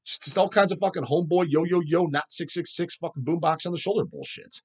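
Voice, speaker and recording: A man's voice: on the high side, quick pace. A middle-aged man hosting a metal channel, ranting profanely and answering viewer questions. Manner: profane, animated, mocks people in put-on voices.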